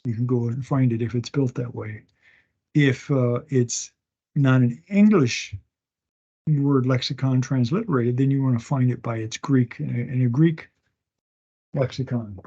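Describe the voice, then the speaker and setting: A male instructor giving a recorded class lecture from home, talking slowly and haltingly, often pausing and restarting, and sounding out words one at a time and repeating them. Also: medium pitch, warm tone, breathy edge. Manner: slow, halting, with many restarts and fillers. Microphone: online meeting recording. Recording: dull lo-fi meeting audio.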